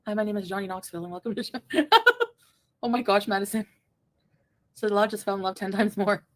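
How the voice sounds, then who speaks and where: A woman's voice: mid-range voice, steady tone, fast. A woman co-hosting a livestream, reading the chat aloud in a playful, teasing way and tossing in French phrases.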